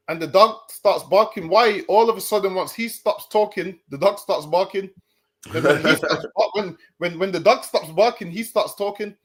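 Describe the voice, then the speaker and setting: A man with a notably high voice explains his point in a relaxed, conversational way. He stumbles and restarts often. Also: slightly rough. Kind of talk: casual commentary.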